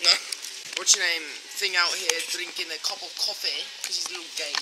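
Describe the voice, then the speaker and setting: A young man with a high voice trades crude, laughing jokes with his mates, swearing freely. He is recorded outdoors, and loud noise runs under everything he says. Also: steady tone, fairly quick. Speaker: vlogger. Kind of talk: casual crude banter with friends. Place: outdoors at a campground and town streets.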